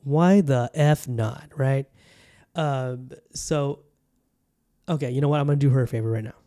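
Guy rambling on his podcast, warm mellow voice, lots of restarts, talks right to u. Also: mid-range voice, normal speed. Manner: rambling, restarts often, talks straight to listeners. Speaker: podcast host. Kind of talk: casual solo podcast chat. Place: Bangkok.

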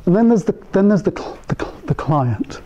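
Older guy chatting to a small room of therapists, warm mellow voice a bit on the high side, rambly storytelling, stops and restarts a lot. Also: very animated, muffled recording, slight background noise. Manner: conversational, anecdotal storyteller who mimics the people in his stories; musing, thinks aloud with pauses and restarts. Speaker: speaker addressing psychotherapists. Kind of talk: informal talk to a small group. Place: meeting room with a small live audience.

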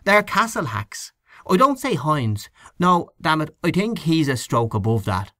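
A man's voice: on the high side, sing-song, unhurried, bright, forceful tone, dry recording, studio quality, pitched above the performer's own voice, exaggerated voice. A man voicing a grumbling, gossipy middle-aged canvasser in a storybook reading, scornful and snuffling, with a conspiratorial manner.

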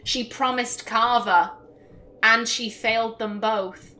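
A woman hosting a let's play, commenting on the game in an emotional, expressive way. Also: fairly high pitch, slow pace. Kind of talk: gameplay commentary.

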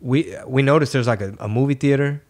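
A man's voice: medium pitch, fairly quick, a little mellow. A man hosting a podcast, chatting casually and telling rambling stories full of swearing. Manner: profane, rambling storytelling. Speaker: podcast host.

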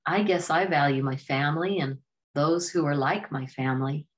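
A gentle, loyal young man in a spoken storybook, read by a woman. His low voice is quiet and sincere. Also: moderate pace, lightly acted.

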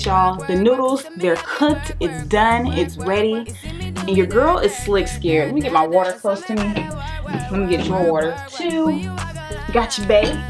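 Woman vlogger, slangy and playful, slow easy delivery, music bed behind. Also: mid-range voice. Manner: slangy, playful, talks to her viewers. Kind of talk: casual vlog chat.

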